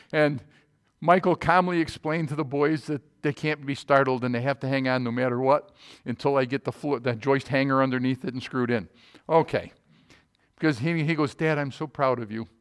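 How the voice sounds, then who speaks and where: A man's voice: medium pitch, moderate pace, clean tone. A man in his sixties preaching a sermon as a pastor, telling a personal story and often checking in with his listeners.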